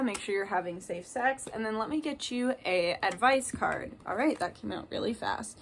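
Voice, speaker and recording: A woman's voice: mid-range voice, lively intonation, moderate pace, hardly any pauses, a bit bright, slight background noise. A woman giving a casual tarot card reading, chatty and reading card messages aloud with emphasis.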